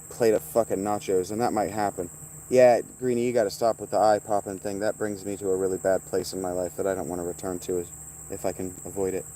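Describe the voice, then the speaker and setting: A man reads his chat during a relaxed outdoor stream, wandering from topic to topic, cursing, and ribbing viewers by name. He has a mellow voice that sits on the low side.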